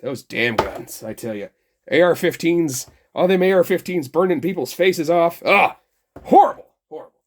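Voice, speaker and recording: A man's voice: fairly high pitch, moderate pace, darkish tone. A middle-aged man hosting a toy review, talking in a rambling, sarcastic and heavily profane way. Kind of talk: casual ranting review.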